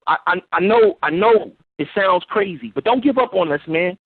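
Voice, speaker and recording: High, husky man pleading on a phone line. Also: no echo. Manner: earnest, pleading, halting with fillers. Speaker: caller. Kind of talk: call-in phone talk.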